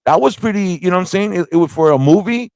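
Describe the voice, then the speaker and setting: A man co-hosting a casual movie review chat, excitable and laughing, acting out scenes as he talks. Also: high voice, fast, gravelly, dry recording. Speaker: podcast co-host.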